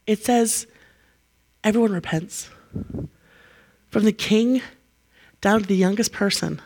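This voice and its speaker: Lively woman preaching a sermon. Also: mid-range voice, slow pace, long pauses. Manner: lively storytelling, acts out quotes with laughs.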